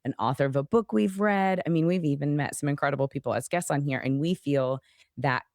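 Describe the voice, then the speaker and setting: A woman's voice: low voice, brisk, darkish tone, dry recording, clean studio sound. A woman co-hosting a podcast, talking casually in an encouraging, affirming way. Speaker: podcast co-host. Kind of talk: casual chat.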